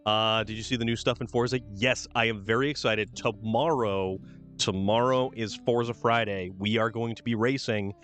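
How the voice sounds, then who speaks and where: Fairly bright in tone yet on the low side, this streamer's voice stays fairly even as he talks at a moderate pace over soft background music. He hosts a game stream, chatting casually and reading truck descriptions aloud.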